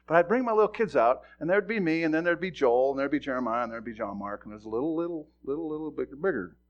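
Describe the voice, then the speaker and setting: A middle-aged male pastor preaching a sermon, telling a personal story in a folksy, animated way with sudden loud bursts. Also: fairly high pitch, fast, highs cut off.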